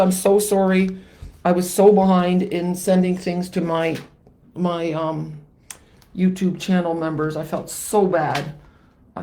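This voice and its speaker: Low-voiced chatty woman crafting live. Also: dark tone, slight background noise. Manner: chatty and self-deprecating, greets live commenters. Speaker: stamping demonstrator and channel host.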